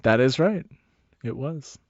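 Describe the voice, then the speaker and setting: A man's voice: mid-range voice, animated, slow, lo-fi sound. Laid-back male dungeon master. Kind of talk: narrating a tabletop game.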